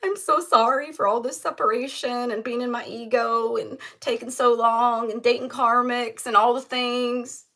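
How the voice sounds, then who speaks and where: A woman voicing a bashful man who turns up with flowers to apologize, in a high, pleading tone. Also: fairly even intonation, moderate pace, few pauses, fairly bright tone. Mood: sheepish.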